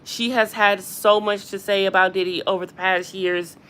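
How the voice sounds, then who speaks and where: A woman hosting a casual gossip livestream from a hospital room, chatty and animated, often addressing her viewers directly. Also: medium pitch, moderate pace. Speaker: gossip channel host.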